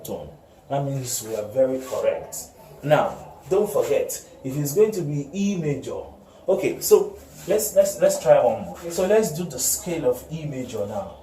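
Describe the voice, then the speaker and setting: A man teaching a music lesson, slowly naming notes and intervals and often correcting himself. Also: medium pitch, far from the mic. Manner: slow, repeats note names and corrects himself. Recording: echoey room, voice from off-mic, noisy.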